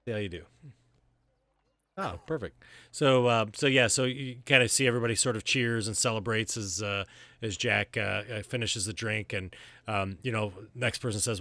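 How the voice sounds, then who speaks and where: A man's voice: fairly low pitch, moderate pace, vocal fry, sharp tone, no room sound. A man running a tabletop game as game master, narrating in an easygoing way with lots of fillers and restarts.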